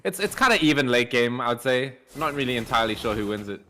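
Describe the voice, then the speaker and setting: A man with a bright, forward voice co-casts a live esports match. He talks loosely and conversationally, laughing between points and tossing in casual slang. His read on the game comes out relaxed. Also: medium pitch, quick pace. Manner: casual, chatty, laughs often, says dude. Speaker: esports co-caster.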